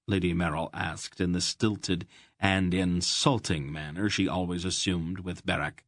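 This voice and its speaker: A man's voice: low voice, unhurried, a bit bright, no room sound, clean studio sound. A man reading a fantasy novel aloud as an audiobook narrator, giving the characters slight voice shifts. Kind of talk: scripted narration.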